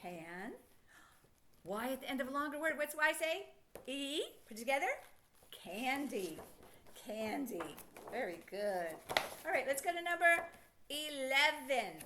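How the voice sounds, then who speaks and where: Middle-aged woman teacher, high and animated, coaxing a child through phonics with encouraging questions. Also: normal speed, a little hiss or hum.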